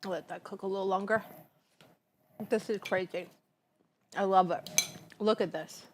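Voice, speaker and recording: A woman's voice: mid-range voice, steady tone, measured pace, noisy background. A woman hosting a casual cooking livestream, chatty and giggly, savoring the food aloud and admitting she is stoned. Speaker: cooking show host. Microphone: clip-on mic.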